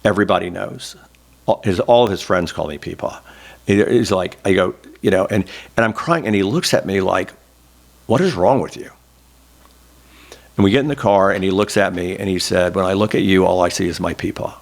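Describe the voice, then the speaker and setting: Interview guest, middle-aged man from Oklahoma, low voice, emotional and open. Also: brisk, gravelly. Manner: emotional, candid storytelling, close to tears. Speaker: interview guest, former state senator. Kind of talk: oral history interview.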